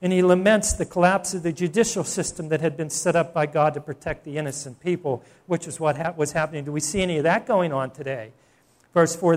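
A man's voice: fairly high pitch, brisk. A man preaching a sermon in a conversational way, often asking the congregation questions. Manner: conversational preaching with rhetorical questions and soft laughs. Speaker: pastor.

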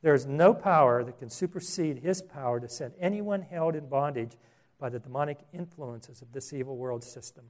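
A man preaching a sermon, animated, rising to loud emphasis and dropping to quiet asides. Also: medium pitch, normal speed. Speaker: pastor.

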